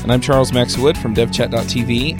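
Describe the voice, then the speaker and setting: A man hosting a podcast, friendly and halting, with frequent filler words as he introduces the show. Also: mid-range voice, steady tone, over music. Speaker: podcast host.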